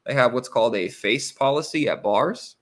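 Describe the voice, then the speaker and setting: A man's voice: mid-range voice, moderate pace. An American man in his thirties, a pro basketball player, telling long casual stories with lots of fillers as an interview guest. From United States. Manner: animated, rambling anecdotes with many fillers. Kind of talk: casual storytelling.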